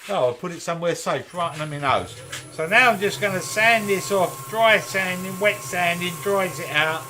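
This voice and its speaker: A man with a bright, forceful, fairly high voice talks his way through a live woodturning demonstration in his home workshop. He keeps up a chatty patter full of jokey asides to the viewers. A little workshop ambience sits faintly behind him. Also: normal speed, slight background noise. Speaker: woodturner and channel host.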